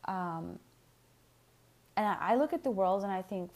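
A woman's voice: medium pitch, unhurried. Candid, swearing woman podcaster. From United States. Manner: candid, profane, animated, with frequent fillers and laughs. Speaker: podcast host. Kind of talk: casual solo podcast monologue.

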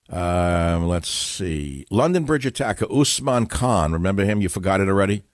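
An older man hosting a talk radio show, delivering a combative, sarcastic monologue that rises to loud bursts and drops low. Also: no echo, studio quality.

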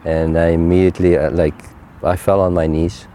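A man's voice: deep voice, little pitch movement, dark tone, a little hiss or hum. An older man, telling his own faith testimony in an earnest, heartfelt way. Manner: earnest, heartfelt, unhurried storytelling. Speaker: interview guest.

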